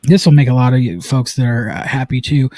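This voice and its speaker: A man from Utah hosting a casual sports live stream, chatty and excitable, with lots of fillers. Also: medium pitch, brisk, dry recording. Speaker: sports podcast host.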